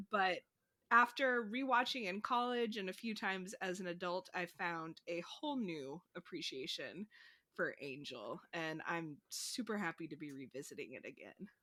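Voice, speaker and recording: A woman co-hosting a podcast while sick, her voice nasal and stuffed up but still bright. The sound is dry and close, with no room around it. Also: medium pitch, moderate pace, no echo. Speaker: podcast co-host. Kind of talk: casual podcast chat.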